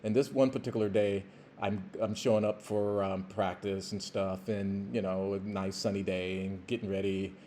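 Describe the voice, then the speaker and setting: A man hosting a podcast, telling a casual story in a rambling, halting way with many fillers and restarts. He is a former pro football player. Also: lowish voice, fairly even intonation, warm tone, slight background noise.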